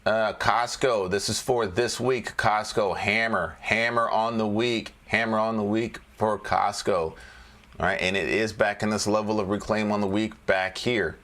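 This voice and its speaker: A man with a somewhat low voice talks through stock charts in a loose, casual way. He repeats phrases, riffs on the side, and laughs to himself as he works through the list. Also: fairly even intonation, unhurried, a bit bright. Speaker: trading educator. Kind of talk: casual screen-share chart walkthrough.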